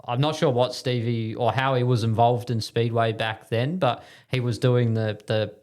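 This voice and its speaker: Monotone guest from New Zealand. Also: male voice, medium pitch, normal speed. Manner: rambling, self-deprecating, many fillers and restarts. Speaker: guest, speedway driver. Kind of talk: casual podcast interview. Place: podcast studio.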